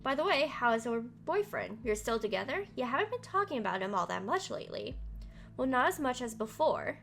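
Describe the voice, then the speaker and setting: A woman streaming a game live, reading its text aloud and chatting back at the story in a lively, talkative way. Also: fairly high pitch, brisk, vocal fry, a little hiss or hum.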